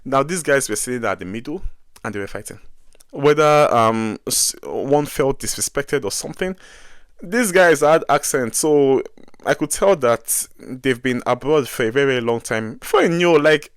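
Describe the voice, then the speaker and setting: A young man with a Nigerian accent, telling a travel story in a casual vlog, animated and exasperated, with many asides. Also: medium pitch, moderate pace, smooth, dry recording, clean studio sound. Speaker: vlogger.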